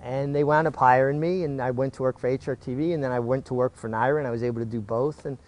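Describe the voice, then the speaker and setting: A man's voice: medium pitch, fast talker. A middle-aged man, a former jockey telling stories in a casual interview, with frequent restarts. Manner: animated storyteller with frequent restarts.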